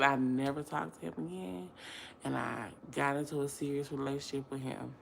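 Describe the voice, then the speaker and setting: A young woman telling a personal story straight to her viewers in a slangy, emotional way, sliding from low murmurs into loud laughing outbursts. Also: steady tone, normal speed, creaky, slight background noise. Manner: slangy, addresses viewers directly. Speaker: vlogger.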